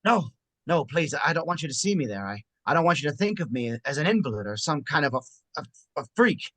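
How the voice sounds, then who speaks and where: A man's voice: fairly high pitch, sing-song, fast talker, fairly bright tone, dry recording. A man playing a scarred young man barely holding back his rage in an amateur script read, with strained, clipped speech. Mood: pleading.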